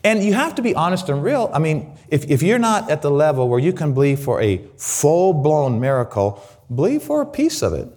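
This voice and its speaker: A man's voice: medium pitch, darkish tone. Middle-aged guy preaching, voice jumps all over, repeats himself, acts out praise lines. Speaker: guest pastor. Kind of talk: sermon.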